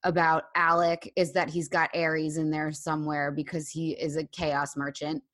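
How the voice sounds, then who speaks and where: Wry low-voiced woman gossiping. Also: little pitch movement, a bit bright. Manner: wry, gossipy, quick asides. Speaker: podcast co-host. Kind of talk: casual chat.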